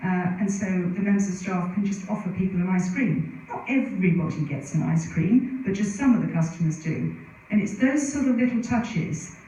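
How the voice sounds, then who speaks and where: A woman's voice: medium pitch, normal speed, warm tone. A middle-aged woman giving a conference presentation, telling anecdotes in a chatty way with many asides. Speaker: conference speaker. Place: conference venue. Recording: very echoey hall from a distance.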